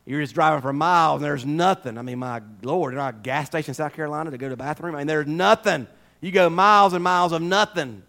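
A man with a drawl delivers a homespun, conversational sermon through a wireless mic. His voice sits a little high for a man. He drifts from low, chatty asides into raised, fervent preaching. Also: fast, vocal fry. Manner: folksy, swings from quiet asides to raised exhortation. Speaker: pastor. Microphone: wireless microphone.

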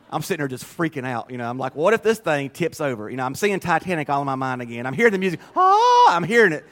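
A man's voice: medium pitch, a bit bright. A man in his forties, a pastor, preaching a folksy, storytelling sermon from a church, laughing often. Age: 40s.

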